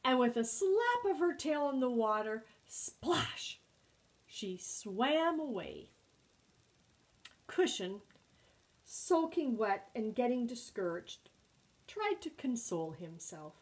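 A woman librarian reading a storybook aloud at storytime, with expressive, animated delivery. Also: a little high, takes it slowly, pauses often, poor audio.

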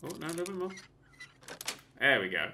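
A man casually commentating on his own gameplay, chatty and excitable, with sudden yelps and mock-boastful asides. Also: fairly high pitch, fairly quick, noisy background. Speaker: let's play host.

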